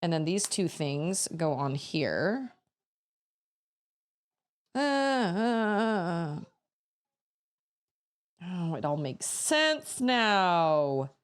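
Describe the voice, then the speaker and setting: Lively, chatty woman streamer, laughing often. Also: low-pitched, slow. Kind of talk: casual chat while building.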